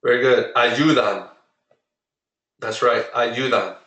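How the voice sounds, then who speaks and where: A man runs an online Spanish lesson, patiently repeating each word for the class. His voice is bright and clear. He sits back from the mic in a room with noticeable echo. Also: medium pitch, far from the mic. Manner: patient, drills words slowly and repeats them. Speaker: Spanish tutor.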